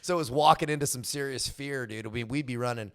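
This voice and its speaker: The young man with the Californian accent talks quickly in a medium-pitched voice as a podcast guest. His casual storytelling is loose and full of slang like "bro" and "dude," with lots of laughter.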